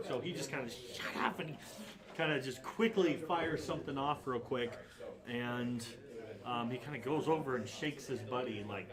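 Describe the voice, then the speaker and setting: A man narrating as dungeon master in casual tabletop play, rambling and hesitant with many fillers. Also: medium pitch.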